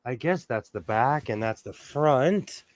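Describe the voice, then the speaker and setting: A man's voice: mid-range voice, expressive, slow. A middle-aged man hosting a casual sewing livestream from home, chatty and self-mocking, reading chat questions aloud.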